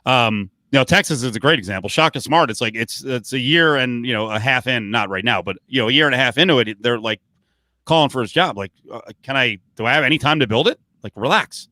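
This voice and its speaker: A man's voice: medium pitch, fast talker, bright, forceful tone, no echo. A man co-hosting a podcast, rambling through casual sports talk with lots of fillers, restarts and swearing. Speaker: podcast co-host.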